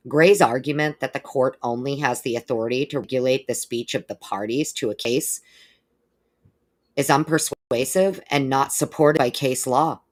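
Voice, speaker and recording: A woman's voice: very deep voice, normal speed. A woman hosting a live stream, reading court documents aloud and breaking off now and then for wry casual remarks. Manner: reads legal text steadily, breaking off for wry remarks.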